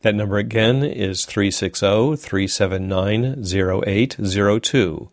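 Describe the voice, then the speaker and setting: A male community radio reporter reading a scripted news piece in a measured, careful way. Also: fairly low pitch, no room sound, studio quality. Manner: measured, reads slowly and carefully.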